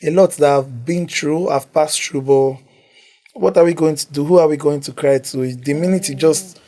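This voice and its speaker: A man's voice: a little high, normal speed, mellow. A man, talking heartfelt and emotional in a conversational interview. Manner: emotional, heartfelt, close to tears.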